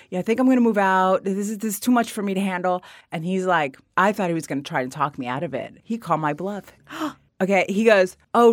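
A middle-aged woman telling a personal story in casual conversation, acting out the dialogue with lively shifts. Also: medium pitch, no echo, clean studio sound. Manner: animated, acts out quoted dialogue.

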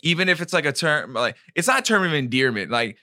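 Bright-voiced young New man chatting. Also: a little high, quick pace, dry recording, clean studio sound. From New York. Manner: animated storytelling, many "like" fillers, acts out quotes. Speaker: podcast co-host. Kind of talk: casual chat.

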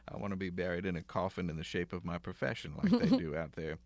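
A man with a very low voice hosts a relaxed interview, rambling through anecdotes with many fillers and small chuckles. The studio sound is dry and close. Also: quick pace, no room sound. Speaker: podcast host. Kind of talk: casual interview chat.

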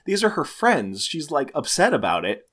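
Lively, laughing podcast co-host. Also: mid-range voice. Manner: joking, laughing, quick interjections. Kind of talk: casual movie review chat.

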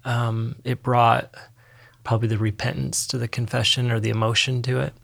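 A man, a podcast guest, giving candid personal testimony in a halting, reflective way with many pauses and ums. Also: medium pitch, level tone, creaky, fairly bright tone, dry recording.

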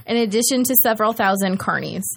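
A woman hosting a casual podcast, reading her researched notes aloud with fillers and quick asides. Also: mid-range voice, vocal fry, slight background noise. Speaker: podcast host.

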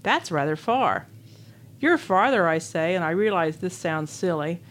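A woman's voice: lowish voice, expressive, unhurried. An older woman from Illinois, reading her own memoir essay aloud as a guest, in a wistful, wry storytelling manner. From Illinois, USA. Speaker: author and guest.

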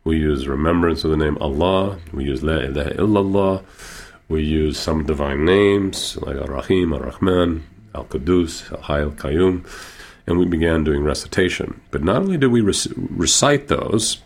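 A man working as a Sufi healer tells stories in an interview, slow and earnest, with repeated phrases. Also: very deep voice. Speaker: Sufi healer and teacher, guest. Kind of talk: storytelling in an interview.

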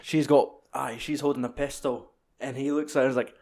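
This Scottish-accented man talks about films in a casual, jokey way, swearing freely and acting out lines in other voices. His voice sits at medium pitch with a steady, darkish tone, and he speaks fairly quickly.

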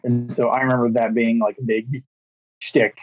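Husky guy rambling about movies, kinda muffled lo-fi mic. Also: medium pitch, little pitch movement, moderate pace, no room sound. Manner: rambling, lots of fillers. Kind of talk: casual movie chat.

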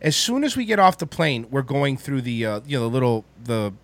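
A man telling a story in casual chat, animated and profane, with lots of restarts. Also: mid-range voice, fairly quick, gravelly.

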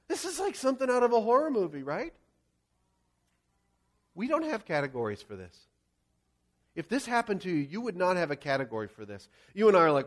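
A male pastor preaching a sermon, acting out scenes and shouting quoted lines. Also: high-pitched, big pitch swings, a little fast, long pauses.

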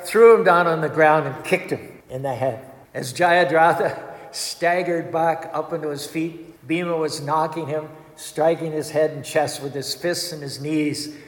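A man giving an emphatic storytelling sermon with dramatic retelling. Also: fairly high pitch. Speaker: spiritual speaker. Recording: echoey hall with long reverb.

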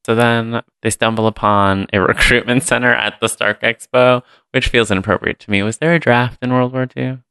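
A man's voice: mid-range voice, steady tone, normal speed, few pauses, sharp tone, clear, resonant tone, no echo. A man co-hosting a podcast, recapping a movie in casual chat that rambles and thinks aloud. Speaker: podcast co-host.

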